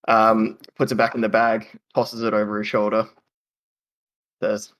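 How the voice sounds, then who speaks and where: A man's voice: lowish voice, monotone, moderate pace, long pauses, fairly bright tone. A man narrating a tabletop game as the game master, hesitant and full of fillers. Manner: hesitant, full of ums and likes.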